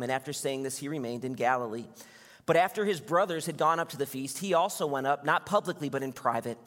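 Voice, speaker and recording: A male pastor preaching a sermon, telling a personal story in a lively storytelling manner before reading scripture. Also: mid-range voice, fast. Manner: storytelling, animated when recounting anger. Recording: long hall reverb.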